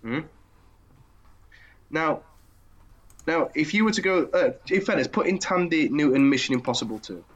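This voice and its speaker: A man's voice: on the high side, lively intonation, moderate pace, pauses often. A man in casual podcast chat who talks hesitantly, often repeating himself and trailing off. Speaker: podcast co-host.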